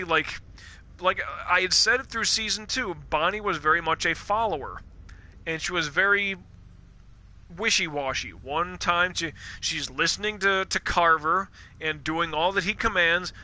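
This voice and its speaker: A man streaming a game live, rambling in casual, profane, animated rants about the story's characters. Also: high voice, moderate pace.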